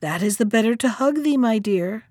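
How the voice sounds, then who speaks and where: A woman reading as a sly hungry wolf, storybook, hushed cunning tone, lively pitch. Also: normal speed, no room sound, clean studio sound. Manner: sly, sometimes softened and hushed. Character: wicked hungry wolf, sly male beast.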